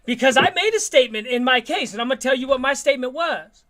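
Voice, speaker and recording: A man's voice: extremely high pitch, fast talker. A man telling streetwise stories in a casual, swearing chat. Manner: streetwise, swearing, animated storyteller.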